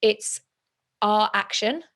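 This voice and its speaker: A woman's voice: mid-range voice, slow pace, a bit bright. A woman hosting her own podcast interview. She reacts with enthusiasm and affirms what her guest says, chatting casually between questions. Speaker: podcast host, business owner.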